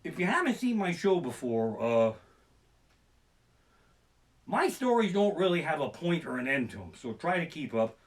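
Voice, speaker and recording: Fast-talking, animated, profane male comedian. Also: a little high. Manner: profane, fast-talking, mimics panicked voices. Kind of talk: stand-up storytelling rant. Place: living room. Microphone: basic home streaming setup.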